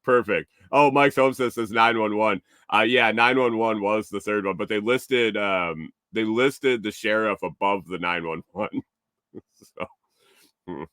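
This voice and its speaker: A man's voice: lowish voice, unhurried, sharp tone, clear, resonant tone, dry recording, clean studio sound. A man hosting a casual morning show, telling a story with frequent chuckles and cursing, and reading out viewer comments. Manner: chuckles through his story, swears freely, reads viewer comments. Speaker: show host.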